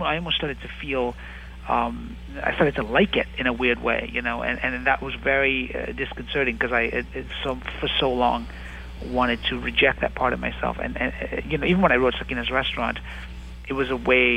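A man in his thirties speaks in a relaxed interview, his voice gravelly yet bright and pushing forward. He searches for words as he goes, with frequent restarts and small fillers. The delivery is thoughtful and conversational. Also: medium pitch, slight background noise, low-quality recording. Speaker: actor and writer, interview guest.

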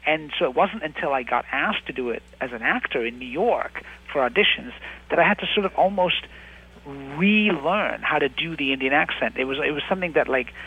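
A man's voice: on the high side, expressive, a little fast, breathy edge, muffled recording. A man in his thirties, an actor, talking reflectively in an interview and often restarting his sentences as he thinks. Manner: thoughtful, many restarts and hedging fillers. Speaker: actor and writer, interview guest.

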